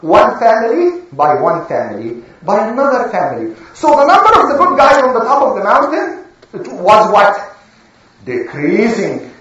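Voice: medium pitch, huge pitch swings, moderate pace, a bit bright. A religious storyteller telling a lesson to children and asking the listeners questions. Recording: echoey room, far from mic, dull.

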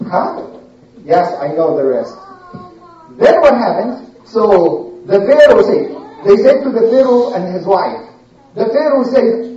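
A man telling a religious story to children in an animated way, often pausing to quiz them. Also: very high-pitched, a little hiss or hum. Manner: animated, asks children questions. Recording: echoey room, distant muffled mic.

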